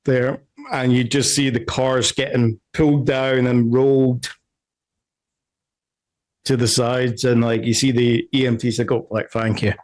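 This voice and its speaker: Rambling game master narrating a scene. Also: male voice, mid-range voice, level tone, measured pace, a little mellow. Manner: loose, rambling narration with fillers.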